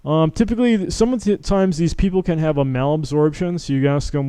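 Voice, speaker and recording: Middle-aged doctor guy lecturing, mellow smooth voice, dry close sound, keeps saying okay? right?. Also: a little high, fast, hardly any pauses, no echo. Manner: conversational, acts out patient dialogues, frequent "okay?" and "right?" tags. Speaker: physician lecturing. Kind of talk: informal medical lecture.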